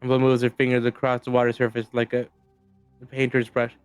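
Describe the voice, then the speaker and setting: Smooth-voiced man reading a game's story. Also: medium pitch, fairly quick, no room sound, soft background music. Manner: steady storytelling read-aloud. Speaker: streamer reading a story game. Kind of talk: reading game narration aloud.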